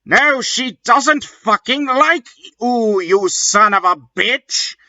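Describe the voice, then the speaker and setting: A man doing a high, foul-mouthed teen boy. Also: expressive, takes it slowly, sharp tone, highs cut off, exaggerated voice. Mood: angry. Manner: high, strained, swearing delivery. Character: hot-headed teenage boy, foul-mouthed.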